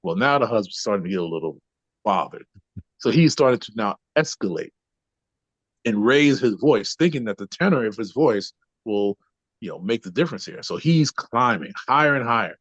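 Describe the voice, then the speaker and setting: Speaking at normal speed in an expressive, lowish voice, a man comes through with no room sound on dull, dry lo-fi audio. As a podcast guest and trainer, he explains ideas conversationally and keeps checking in with the listener by saying "right?".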